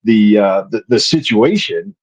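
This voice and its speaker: A man's voice: lowish voice, animated, a little slow, a little mellow, slightly rough, highs cut off. A married man co-hosting a podcast, thinking aloud with frequent restarts in casual chat. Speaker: podcast co-host.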